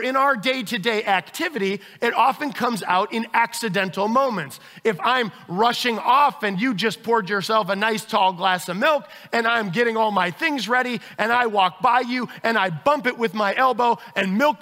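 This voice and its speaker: A man's voice: very high-pitched, bright, forceful tone, in a large hall. A man preaching a sermon as pastor, acting out everyday scenes with quoted voices.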